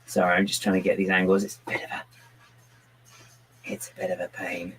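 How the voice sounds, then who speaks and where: A man's voice: sits low, monotone, fairly quick, fairly bright tone, breathy edge, low-quality recording. A man chatting casually on a live stream while building, muttering to himself and to a pet on his lap. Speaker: livestreaming brick builder.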